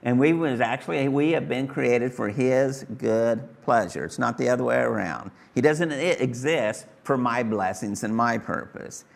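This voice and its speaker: A man's voice: medium pitch, normal speed, vocal fry, hardly any pauses. A middle-aged man preaching a sermon to his congregation in a folksy, conversational way, repeating his phrases. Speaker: pastor. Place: church hall with congregation.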